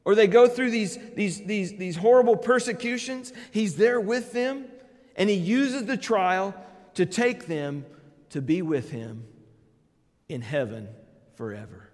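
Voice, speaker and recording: A high-pitched male preacher delivering a sermon with strong emphasis. His voice rises into loud declarations and drops into quiet, low endings. The sound carries a long reverb from a large hall.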